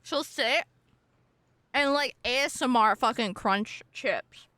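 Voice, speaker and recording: A woman's voice: a little high, slow, bright, forceful tone, dry recording. A woman streamer chatting casually and playfully, gushing about her dog and swearing now and then. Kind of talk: casual live-stream chat.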